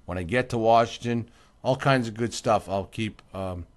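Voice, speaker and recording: A man's voice: fairly low pitch, moderate pace. A tired man hosting a casual livestream, answering viewer comments by name in an emphatic, repetitive way and yawning now and then. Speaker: livestream host.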